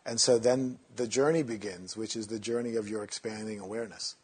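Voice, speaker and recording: A man teaching meditation in a relaxed, conversational way, sometimes acting out inner voices in a mocking tone. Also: fairly low pitch, fairly quick, breathy edge.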